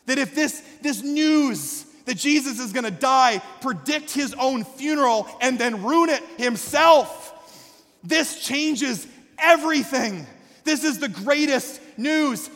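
High-voiced pastor preaching in a reverberant hall. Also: male voice, lively intonation, slow. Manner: impassioned, rising to shouts, calling out to the congregation. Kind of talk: sermon. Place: church sanctuary.

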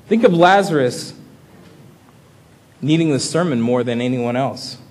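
Husky-voiced man preaching a sermon. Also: mid-range voice, darkish tone. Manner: earnest, rising to impassioned pleas.

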